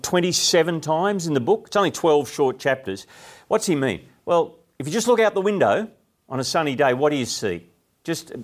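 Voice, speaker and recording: Casting: middle-aged Aussie male preacher, mid-pitched voice, relaxed, talks with the congregation. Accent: Australian. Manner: chatty, asks the audience questions, frequent restarts. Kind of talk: conversational sermon.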